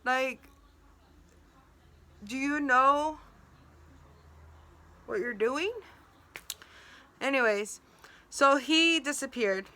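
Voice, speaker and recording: A woman's voice: high voice, very slow, pauses often, sharp tone. A young woman telling a personal story on her vlog, emotional and venting, filled with "like" and quoted dialogue.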